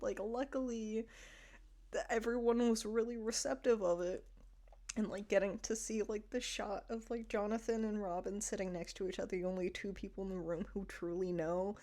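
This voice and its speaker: A woman's voice: medium pitch, fairly even intonation, normal speed, dark tone. A young woman reviewing a TV episode in a casual chat. She rambles and laughs often, with lots of "like" in her speech. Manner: chatty, laughs often, many "like" fillers.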